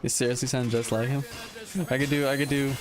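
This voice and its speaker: A young Australian gaming YouTuber chats casually over game music, swearing, laughing and rambling as he plays. His mid-range voice is delivered flatly at a quick pace, with background noise in the recording.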